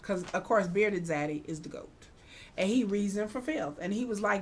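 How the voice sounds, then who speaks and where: A young woman recaps a TV episode in a loose, slangy way and jumps into the characters' lines as she goes. Her pitch sits in the middle of the range. A faint hiss of background noise runs under her voice. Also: moderate pace. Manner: animated, slangy retelling with acted-out quotes. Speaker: TV recap vlogger. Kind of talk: casual TV recap.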